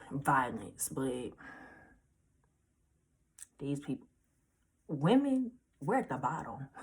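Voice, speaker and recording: A woman's voice: rumbling low, darkish tone, breathy edge. A 19-year-old woman speaking earnestly and casually to her viewers in a heartfelt storytime vlog, repeating reassurances. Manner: casual slangy speech. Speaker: vlogger.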